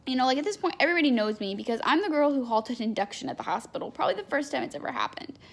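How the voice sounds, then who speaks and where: A woman's voice: sits high, expressive, rapid-fire, creaky. A young adult woman telling a candid personal story in a chatty, unfiltered way, full of fillers. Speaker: vlogger.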